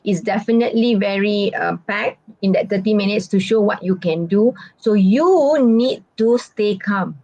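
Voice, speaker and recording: A woman's voice: medium pitch, moderate pace, few pauses, darkish tone, dry recording, highs cut off. A woman teacher coaching students for a speaking exam, chatty and repeating her points with many fillers. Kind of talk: online exam-prep lesson.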